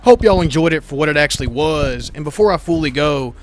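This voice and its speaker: A man's voice: on the high side, animated, brisk, soft background music. A man hosting a casual Q&A video, answering viewers' questions in an enthusiastic, slangy way and repeating set phrases. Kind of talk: casual Q&A vlog.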